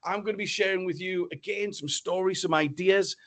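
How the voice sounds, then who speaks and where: Middle-aged man, business speaker, lively storytelling, acts out voices, slightly high voice. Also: brisk. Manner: animated, acts out dialogue with exclamations. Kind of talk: storytelling talk to an online audience.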